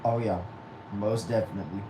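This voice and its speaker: Young guy on a home livestream, lowish voice, reads chat and answers wryly, steady air-conditioner hiss. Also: a little fast. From Texas. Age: 20s. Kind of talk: casual livestream chat reading comments. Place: small back room at home.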